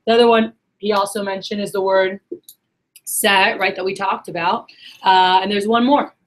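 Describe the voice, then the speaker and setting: A woman's voice: medium pitch, steady tone, moderate pace, rough recording. A young woman leading a sales workshop. She talks chattily with lots of energy, quizzes the room, and acts out customer reactions. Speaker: sales trainer. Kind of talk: workshop teaching talk. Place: meeting room, in front of a group.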